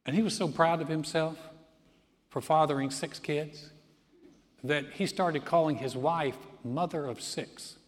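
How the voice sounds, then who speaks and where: In a church sanctuary with long hall reverb, a middle-aged male pastor delivers a sermon in an unhurried, slightly high voice. He tells humorous stories and imitates other people's voices.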